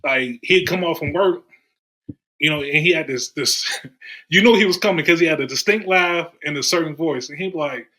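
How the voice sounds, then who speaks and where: Bright-voiced man telling sports stories. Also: a little high, normal speed, rough recording. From Durham, North Carolina. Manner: animated storyteller, acts out quoted voices. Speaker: podcast guest. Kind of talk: casual storytelling chat.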